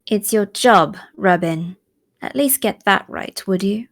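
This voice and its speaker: A woman's voice: mid-range voice, takes it slowly. A woman voicing a cold, aloof young witch while reading a visual novel aloud, in a curt and icy manner.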